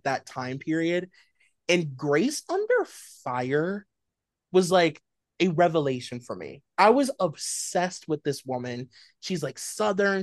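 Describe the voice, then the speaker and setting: A man co-hosting a casual pop culture chat, talking in an animated way and packing his sentences with filler words. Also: fairly high pitch, no echo, studio quality. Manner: chatty, many "like" fillers, animated storytelling. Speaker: podcast co-host.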